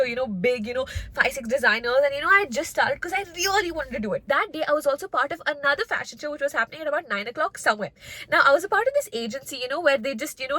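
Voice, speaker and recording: Fast-talking young Indian woman vlogger. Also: high-pitched, no echo. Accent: Indian English. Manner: animated, acts out voices of others in quotes. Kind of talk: casual storytime vlog.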